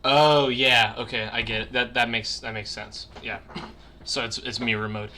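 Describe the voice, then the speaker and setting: A young man with a bright, forward voice chats casually on a livestream. He rambles, swears freely and leans on fillers, talking into a webcam mic on a call from his room at home. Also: mid-range voice, steady tone, normal speed, a little hiss or hum. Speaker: streamer podcast host. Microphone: webcam mic on a video call.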